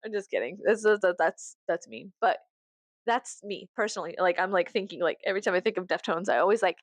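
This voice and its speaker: A young adult woman vlogging in a casual, profane storytelling rant, acting out the people she quotes. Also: no echo. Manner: profane, animated, quick asides; acts out quoted people with big pitch jumps.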